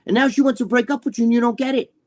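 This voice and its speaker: Brief: high-voiced male co-host, heated profane rant, keeps repeating his point. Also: fairly even intonation, very fast, a little mellow. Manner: ranting, profane, repeats himself, acts out quoted people. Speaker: podcast co-host. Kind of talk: heated casual chat.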